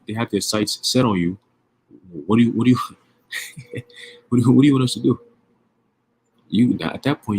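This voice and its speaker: A man's voice: fairly low pitch, a little mellow, husky. A man giving casual, profane religious commentary, streetwise and emphatic, with frequent rhetorical questions. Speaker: online preacher.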